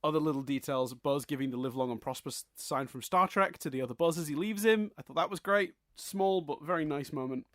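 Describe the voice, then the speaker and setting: A man's voice: a little high, fairly quick, hardly any pauses, dry recording, clean studio sound. A man co-hosting a podcast, chatting casually about a film he likes, laughing often and trailing off into restarts. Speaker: podcast co-host. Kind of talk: casual film review chat.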